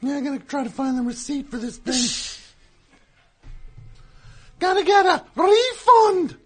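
Squirrel comic, very high squeaky voice, slow drawl, corny jokes, touchy, comedy bit. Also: male voice, big pitch swings, soft background music, full character voice. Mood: wisecracking. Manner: corny joke-telling, self-pitying grumbling. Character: wisecracking male squirrel comic, hacky, touchy. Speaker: recurring comedy character. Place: radio studio.

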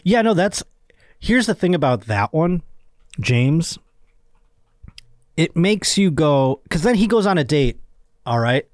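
A man's voice: a little high, big pitch swings, slow pace, pauses often, no echo, studio quality. A young man hosting a podcast, rambling and joking crudely in casual chat. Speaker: podcast host.

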